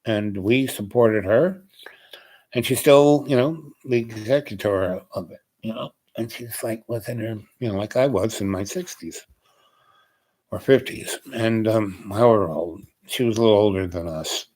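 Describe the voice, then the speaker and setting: A man's voice: on the low side, measured pace, darkish tone. An older man telling a casual, meandering story from his past, leaning on "you know" and other fillers as he talks. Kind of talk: casual rambling reminiscence.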